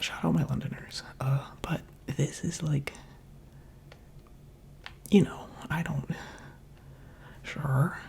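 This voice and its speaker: A man speaking in a soft, mostly unvoiced whisper, giving chatty, rambling, playful ASMR commentary while he plays a video game, close to the microphone. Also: fairly high pitch, creaky, a little hiss or hum. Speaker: gaming ASMR creator.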